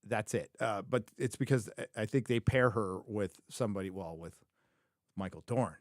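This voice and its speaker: A man's voice: lowish voice, moderate pace, no room sound, studio quality. A man hosting a live review show, talking casually and opinionatedly, rambling and correcting himself and repeating lines for emphasis. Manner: opinionated, repeats his own phrases for emphasis; rambling, thinks aloud, frequent self-corrections. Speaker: show host reviewing a TV series. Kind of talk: casual livestream commentary.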